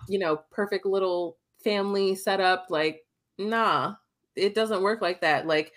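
A woman's voice: medium pitch, fairly even intonation, measured pace, a bit bright. A young adult woman co-hosting a podcast, talking candidly in casual chat, swearing freely and acting out what people said. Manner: candid, swears, acts out quotes. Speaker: podcast co-host.

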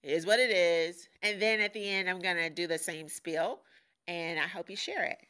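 A woman's voice: fairly low pitch, moderate pace, sharp tone, clean tone. A woman hosting her own podcast in a casual, candid solo monologue that turns motivational. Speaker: podcast host.

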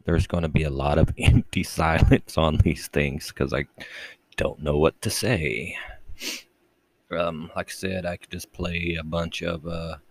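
A man hosting a casual late-night solo podcast from his bedroom, talking low and quietly, rambling and crude and mocking himself. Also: fairly even intonation, unhurried, creaky, no room sound. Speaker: podcast host. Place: bedroom at home with the door shut.

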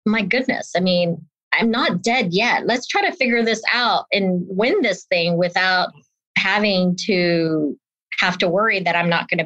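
A woman's voice: mid-range voice, no room sound. A woman in her fifties, an interview guest, telling a personal story animatedly and acting out the voices of the people in it. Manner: animated storyteller who acts out quoted voices. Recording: dull lo-fi dry sound.

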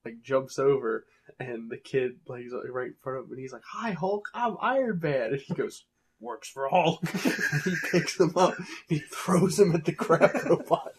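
A man in casual chat, retelling cartoon sketches in a lively way with voiced quotes. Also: mid-range voice, normal speed, slightly rough.

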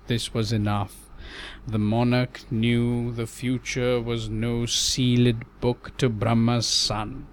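A man narrating a verse ballad audiobook in a measured, rhythmic reading. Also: mid-range voice, flat delivery, a little hiss or hum.

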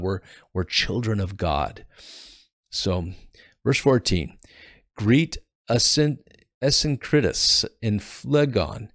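Male podcast host, lowish voice, dry close sound, reads scripture then chats about it earnestly, restarts phrases. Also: no room sound. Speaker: podcast host teaching the Bible. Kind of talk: casual devotional Bible reading and commentary.

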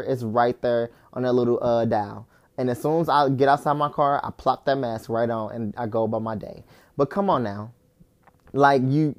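A young adult podcast host with a medium-pitched voice delivers an exasperated solo rant, swearing often, leaning heavily on "like," and bursting into loud, incredulous outbursts.

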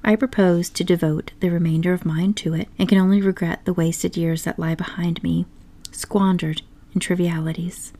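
A woman voicing a boastful, excitable male toad in an audiobook story, talking grandly and pushily. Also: fairly low pitch, normal speed. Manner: grandly enthusiastic, pushy.

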